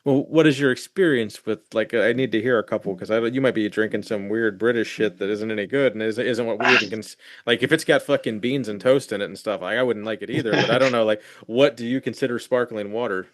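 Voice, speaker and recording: A man's voice: lowish voice, fast talker, hardly any pauses, no echo. A man hosting a podcast, chatting casually with profane, joking asides and reading out sponsor plugs. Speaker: podcast host. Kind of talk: casual chat.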